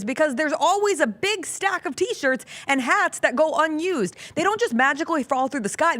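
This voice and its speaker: A woman's voice: sits high, fairly bright tone. A woman hosting a sports talk show, chatting energetically with a co-host.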